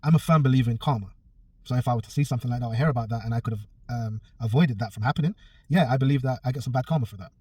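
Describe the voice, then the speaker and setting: Fast-talking blunt man, husky. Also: medium pitch, darkish tone, no room sound, distant mic. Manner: blunt, swears a lot, acts out both sides of a quarrel. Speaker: personal trainer. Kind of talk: casual story-time vlog.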